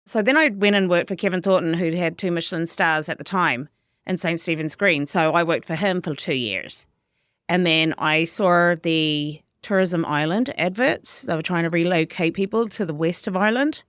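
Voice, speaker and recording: A middle-aged woman with a New Zealand accent, a chef chatting casually as an interview guest, lively and full of quoted asides. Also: lowish voice, brisk, clean tone, no room sound, studio quality.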